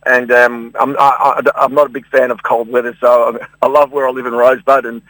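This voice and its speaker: A man's voice: medium pitch, flat delivery, fairly quick, fairly bright tone, no echo, rough recording. A man with an Australian accent, a guest singer rambling through a radio interview, restarting his sentences often.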